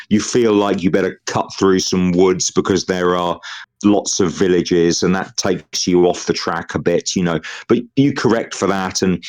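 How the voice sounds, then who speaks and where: Deep-voiced man as game master. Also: a little mellow. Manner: measured, with frequent ums. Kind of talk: narrating a tabletop game.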